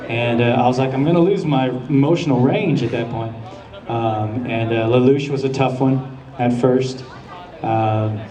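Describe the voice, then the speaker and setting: A man's voice: medium pitch, warm tone. A man answering questions as the voice actor guest on a convention panel, laid-back and laughing often as he tells stories. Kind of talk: panel Q&A storytelling. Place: large convention hall. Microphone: handheld camera far from the stage. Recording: echoey hall from far off, audience. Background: audience murmurs and laughter.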